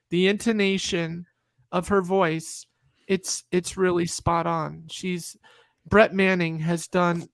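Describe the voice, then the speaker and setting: A middle-aged woman tells a story to friends, her voice gravelly and full of fry. She acts out each quote and often restarts her sentences. The sound is dry and close. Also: lowish voice, no echo. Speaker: guest. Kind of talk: casual storytelling on a group call.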